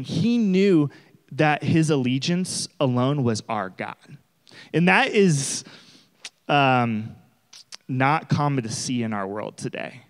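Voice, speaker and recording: A man's voice: mid-range voice, slow, smooth, big-room sound. A young man giving a casual, conversational sermon, often acting out voices of the people he talks about. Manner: conversational, animated, acts out quoted voices. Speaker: preacher.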